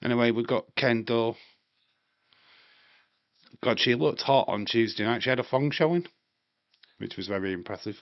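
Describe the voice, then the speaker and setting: A man's voice: mid-range voice, moderate pace, long pauses, no echo. A man chatting casually and rambling on a live wrestling watch-along stream, swearing now and then. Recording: dry, slightly dull home mic.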